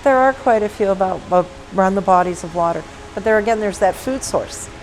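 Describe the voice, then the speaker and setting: A woman in a documentary interview explaining something in a brisk way. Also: medium pitch, soft background music, low-quality recording.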